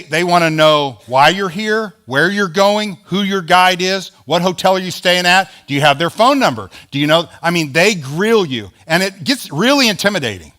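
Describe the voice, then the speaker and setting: A man's voice: fairly high pitch, bright, forceful tone. A male pastor preaching a sermon in a conversational, emphatic way, acting out quoted lines.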